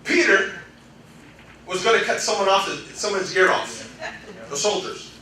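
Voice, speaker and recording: A man preaching a sermon as pastor, animated and laughing often, swinging between loud exclamations and quiet storytelling. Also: high voice, a little slow. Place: church sanctuary. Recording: echoey church hall, mic from far off, congregation responding. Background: congregation calling out responses.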